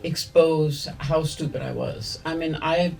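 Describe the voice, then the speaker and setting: A woman's voice: sits low, steady tone, a little slow, gravelly, a little mellow, recorded from a distance, faint music behind. A woman from Denmark, a film director talking at a screening in a cinema hall, rambling and self-mocking, often laughing. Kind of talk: guest talk after a screening.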